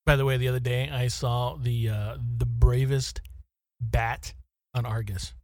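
A man's voice: mid-range voice, a little slow, no echo, studio quality. Rambling man podcast co-host. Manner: relaxed, rambling, with frequent restarts. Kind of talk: casual chat.

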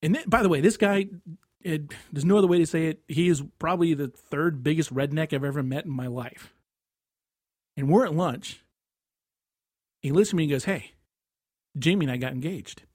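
A man co-hosting a podcast, telling anecdotes in a casual, animated way and often laughing mid-story. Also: on the high side, normal speed, long pauses, no echo, clean studio sound.

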